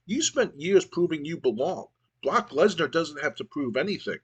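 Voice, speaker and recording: A smug manager talks down to a wrestler, as a man reads him out. The voice rises well above the reader's own pitch but stays plain and unpolished. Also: animated, normal speed, slightly rough. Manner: condescending.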